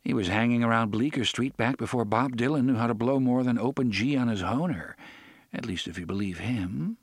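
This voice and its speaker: A man voicing a gruff, sardonic middle-aged shopkeeper who growls and mutters his lines. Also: mid-range voice, brisk, no echo, clean studio sound.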